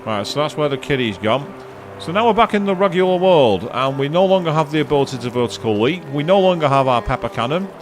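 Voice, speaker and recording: A man's voice: on the high side, lively intonation, quick pace, faint music behind. A man giving casual live commentary on a video game, chatting to viewers and swearing now and then. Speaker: let's play streamer.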